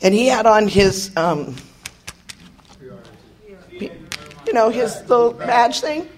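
Hoarse middle-aged woman, candid and joking. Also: fairly high pitch, very animated, slow. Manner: candid, joking, laughs often, swears. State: hoarse, voice worn out. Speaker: speaker sharing at a recovery meeting. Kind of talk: personal recovery testimony. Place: meeting room with an audience.

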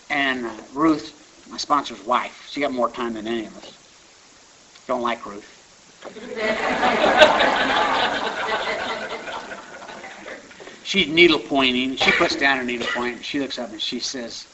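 A man's voice: medium pitch, expressive, slow, long pauses, pushed and bright, husky. A man giving a rambling, conversational personal testimony at a recovery meeting. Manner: conversational, rambling with restarts and asides. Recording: dull lo-fi recording with faint hiss.

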